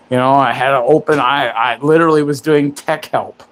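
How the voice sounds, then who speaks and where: A crude, joking, self-mocking man in his forties hosts a rambling, casual livestream chat. His mid-range voice has fairly even intonation and a brisk pace with hardly any pauses, over slight background noise.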